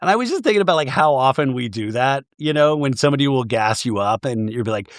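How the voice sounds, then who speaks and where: A man hosting a podcast, recapping reality TV in an animated, sarcastic way, swearing and acting out the cast's lines. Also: mid-range voice, fast talker, few pauses, dry recording, studio quality. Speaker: podcast host.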